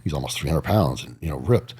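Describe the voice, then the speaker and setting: A man's voice: a bass voice, quick pace, breathy edge. A man in his forties, a guest in an interview, telling stories with animation and acting out other people's voices. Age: 40s. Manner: animated storyteller, acts out quoted voices. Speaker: guest, bodybuilder. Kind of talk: casual storytelling interview.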